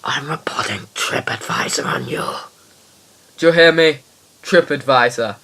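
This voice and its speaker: A man's voice: a little high, unhurried, fairly bright tone. A man doing an impression of a fretful former TV star in a comedy phone call sketch, fussy and indignant. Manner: fussy, indignant, rambling complaints.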